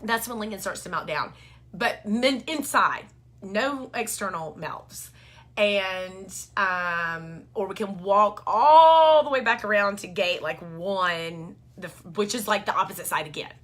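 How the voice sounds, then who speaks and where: A woman's voice: mid-range voice, lively intonation, measured pace, a bit bright. A woman, chatting to camera about her family in a rambling, filler-heavy way. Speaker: vlogger and mom. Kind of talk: casual storytelling to camera.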